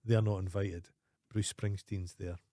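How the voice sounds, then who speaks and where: A man's voice: low voice, flat delivery, a little slow, mellow, no echo, studio quality. A man co-hosting a casual podcast, ranting and swearing, often stumbling and restarting his sentences. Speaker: podcast co-host.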